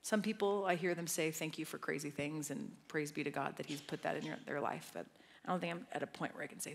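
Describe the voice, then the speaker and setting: A woman giving a sermon as a guest speaker, talking conversationally and swelling into loud emphatic passages. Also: sits low, fairly even intonation, quick pace, vocal fry. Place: large church auditorium. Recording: long hall reverb.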